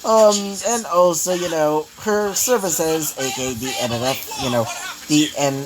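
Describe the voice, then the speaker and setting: A man's voice: a little high, measured pace, low-quality recording. A man narrating a fan story in a casual, rambling way, with constant fillers and frequent restarts.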